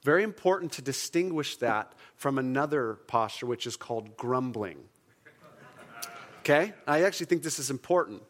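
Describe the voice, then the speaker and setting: A man's voice: medium pitch, lively intonation, normal speed. A man preaching a sermon to his congregation in an earnest, conversational way, leading the room in call-and-response. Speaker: pastor.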